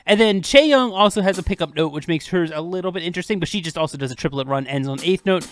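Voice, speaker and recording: A man's voice: sits high, quick pace, hardly any pauses, no room sound. A young man hosting a casual, unedited music breakdown, chatting upbeat about rap flows with plenty of fillers. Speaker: host of a music breakdown channel.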